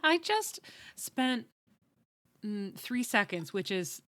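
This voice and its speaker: A woman co-hosting a podcast in casual chat, animated and giggly. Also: on the high side, takes it slowly, dry recording. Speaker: podcast co-host.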